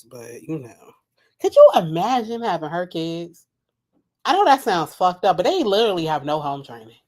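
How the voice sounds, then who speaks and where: At home late at night, a reaction stream host with a medium-pitched, darkish voice delivers casual live commentary. She's blunt and foul-mouthed, often laughing at her own jokes.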